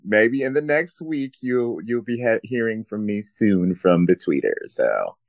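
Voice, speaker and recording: Man, low pitch, lively intonation, hesitant, co-host. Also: unhurried. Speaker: podcast co-host.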